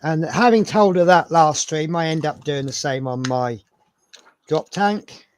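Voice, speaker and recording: A man's voice: on the high side, unhurried, a little hiss or hum. A man hosting a live model-building stream, chatting in a rambling, self-mocking way. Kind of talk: casual live-stream chat.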